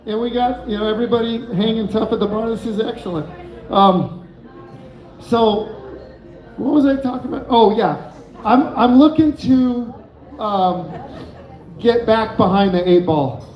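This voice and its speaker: Speaking a little slowly and pausing often in a high-sitting voice, an open-mic comedian works a bar stage holding his mic. He rambles and giggles through a loose set, captured in an echoey room through a muffled microphone.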